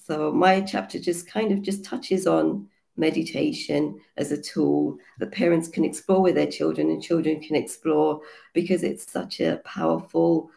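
Hoarse woman with a gravelly voice. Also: low-pitched, fairly even intonation, measured pace, mellow. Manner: earnest, explains with many fillers. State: hoarse from a cold. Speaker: children's yoga teacher and book contributor. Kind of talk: casual online panel talk.

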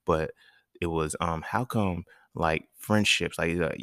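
A man's voice: deep voice, steady tone, slow pace, a bit bright, dry recording, studio quality. A young man hosting a podcast, telling stories in a loose, profane, emphatic casual monologue. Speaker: podcast host.

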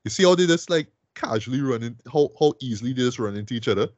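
A man's voice: medium pitch, animated, quick pace, a little mellow, no room sound. Male podcast host, eager casual film review, dry close sound, mid voice. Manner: enthusiastic, many fillers like "right?" and "boy".

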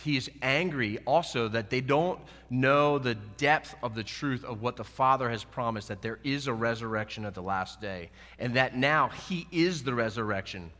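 A man's voice: mid-range voice, fairly bright tone, in a large hall. A male pastor preaching a sermon, earnest, acting out the words of scripture as he explains them.

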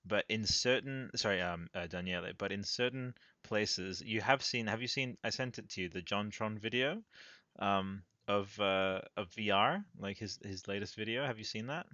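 Hesitant, soft-spoken male podcast host. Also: on the low side, moderate pace, no room sound, lo-fi sound. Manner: hesitant, lots of fillers, laughs easily. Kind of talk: casual podcast chat.

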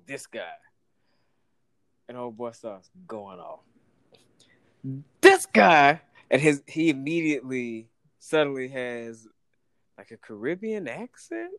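A man's voice: mid-range voice, measured pace, vocal fry, no room sound. A man, casually telling a story, acting out the people in it and laughing often. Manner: animated, acts out voices in anecdotes, laughs often.

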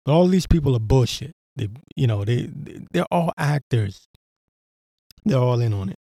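A man's voice: medium pitch, expressive, normal speed, gravelly, dark tone, no room sound, clean studio sound. A man hosting a podcast, ranting sarcastically with lots of swearing and fillers while reading news aloud. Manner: profane, sarcastic, rambling with frequent fillers. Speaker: podcast host.

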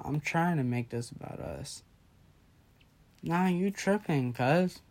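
A man's voice: a little high, expressive, slow pace, a little mellow. A drunk young man in casual late-night chat, rambling loosely and drifting off track.

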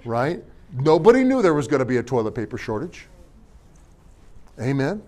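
A man's voice: high-pitched, animated, brisk. A middle-aged man preaching a sermon as pastor, folksy and jokey, tossing in amens and rhetorical questions.

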